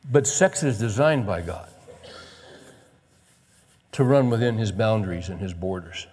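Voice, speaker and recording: A man preaching a sermon as pastor, folksy and animated, with soft chuckles. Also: fairly low pitch, unhurried, slightly rough, long reverb tail.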